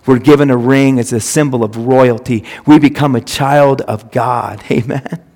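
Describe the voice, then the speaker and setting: A man's voice: medium pitch, steady tone, moderate pace, darkish tone. A male pastor delivering an emphatic sermon, repeating phrases for stress. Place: church sanctuary. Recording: long reverb of a church hall.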